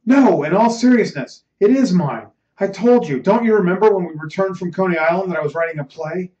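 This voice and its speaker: A man's voice: sits high, brisk, a little mellow, lightly acted. A man voicing Ernest, an agitated young writer who insists in an urgent, pleading way. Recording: roomy, slightly muffled recording.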